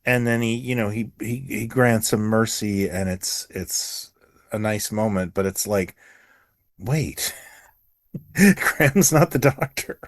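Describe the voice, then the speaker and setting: A man co-hosting a podcast in casual chat, halting and hedging as he talks. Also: lowish voice, no echo, clean studio sound. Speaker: podcast co-host.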